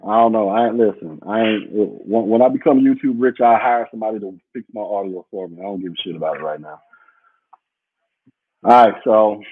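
A man's voice: lowish voice, brisk, husky, dry recording. A man hosting a podcast as a casual livestream, reading out viewer comments in a rambling, blunt and profane way. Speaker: podcast host. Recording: muffled phone-like audio.

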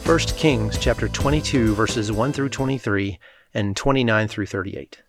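A man giving a measured, scripted Bible reading, lightly voicing the quoted speech. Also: lowish voice, music in the background. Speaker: scripture reader.

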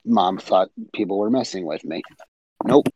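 A man guest on a casual podcast, telling an anecdote in a deadpan way. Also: sits low, moderate pace, lo-fi sound, slight background noise. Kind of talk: casual storytelling.

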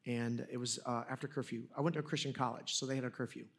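A man's voice: mid-range voice, fairly even intonation, quick pace, fairly bright tone. A man preaching a sermon in a conversational, storytelling way, joking at his own expense with frequent restarts. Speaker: pastor.

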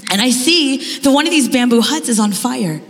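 A woman giving a sermon at a conference, telling stories in an animated way with rising, emphatic questions. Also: on the high side, moderate pace. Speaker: conference speaker. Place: conference hall. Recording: long hall reverb.

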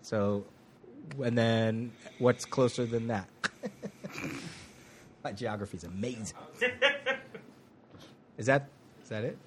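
A man's voice: mid-range voice, animated, slight background noise. Joking man running an audience giveaway. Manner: joking, quick to laugh at himself. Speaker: podcast co-host. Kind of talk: casual chat running a giveaway. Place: comic shop with live audience.

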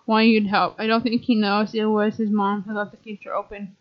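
A woman's voice: mid-range voice, flat delivery, a little fast, close to an everyday voice. A woman voicing a small talking male pet hamster in a storybook read-aloud, earnest and explaining, on a dull lo-fi recording.

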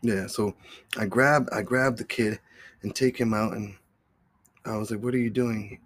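A man's voice: on the low side, steady tone, a little slow, fairly bright tone, breathy edge. A man hosting his own podcast, telling a story in a rambling, profane, casual way. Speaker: podcast host.

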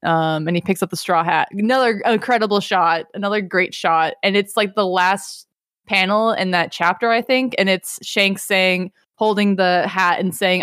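A woman recapping an anime in casual podcast chat, rambling and animated with lots of fillers. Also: mid-range voice, moderate pace, no room sound, studio quality. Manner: rambling, animated, many fillers, laughs easily.

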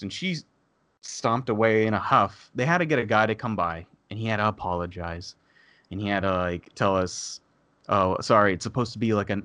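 On a podcast, a man with a fairly low voice spins a long story casually, animated and cursing as he acts out the people he quotes. The recording is dry.

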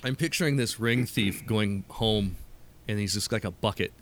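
A man guesting on a podcast, a performer speaking with animated, earnest storytelling in casual chat. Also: fairly low pitch, normal speed, crowd noise.

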